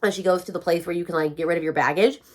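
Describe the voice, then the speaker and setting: Rapid-fire and lowish-voiced, a woman rants with animation in her casual reading vlog. This book vlogger quotes characters, slipping into their voices.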